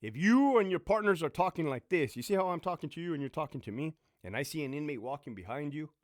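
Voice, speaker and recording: A man's voice: on the high side, lively intonation, quick pace, no room sound, clean studio sound. A middle-aged man, a former prison sergeant and military veteran, giving blunt, profane advice in a storytelling monologue. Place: home.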